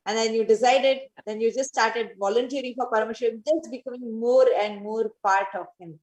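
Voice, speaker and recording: A woman's voice: on the high side, steady tone, fairly quick, darkish tone. Woman co-host, echoey room. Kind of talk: interview chat.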